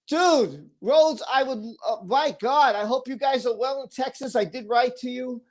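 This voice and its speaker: A woman's voice: a little high, gravelly, darkish tone. A woman hosting a casual livestream, effusively thanking viewers and tumbling over her words. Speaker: livestream host.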